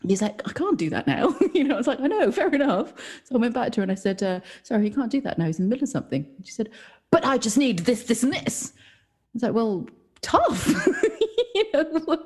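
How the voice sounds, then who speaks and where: A woman co-hosting a podcast, telling animated stories in casual chat and laughing often. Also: fairly high pitch, fast, breathy edge. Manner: animated storytelling, laughs often, acts out quoted voices. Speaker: podcast co-host.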